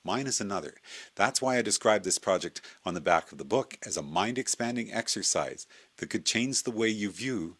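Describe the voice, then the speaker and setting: A man speaking in a deep, low voice, middle-aged, first chatting loosely with lots of hesitant fillers. He then settles into steady reading aloud from his own book for a video blog. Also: moderate pace, breathy edge. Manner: hesitant with frequent uh fillers and restarts. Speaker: video blogger.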